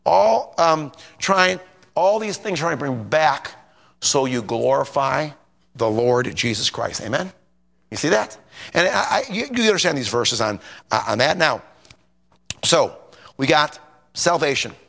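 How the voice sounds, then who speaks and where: A man giving an informal sermon in a chatty, animated way, often asking the listeners questions. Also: a little high, a little slow, creaky. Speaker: preacher.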